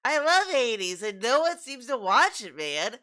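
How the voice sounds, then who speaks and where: A man's voice: very high-pitched, very animated, unhurried, pushed and bright, smooth, voice pushed up, full character voice. A man doing a mocking impression of a whiny male gamer YouTuber, in an exaggerated drawl. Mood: whining.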